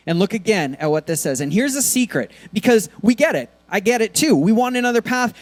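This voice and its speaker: A man preaching a sermon in a church, talking casually with lots of fillers, and swinging between soft, quiet lines and loud, emphatic ones. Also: sits high, very animated, fairly quick, few pauses. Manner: casual, conversational preaching with many fillers and laughs. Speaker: pastor.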